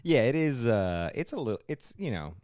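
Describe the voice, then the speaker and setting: A man co-hosting a comedy podcast with deadpan understatement, chuckling a lot. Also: medium pitch, normal speed, dry recording, studio quality. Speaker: podcast co-host. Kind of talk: casual comedy banter.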